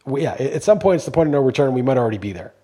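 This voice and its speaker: A man's voice: medium pitch, animated, rapid-fire, dark tone, slightly rough. A man co-hosting a podcast, talking emphatically in casual chat and swearing freely when he gets going. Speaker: podcast co-host.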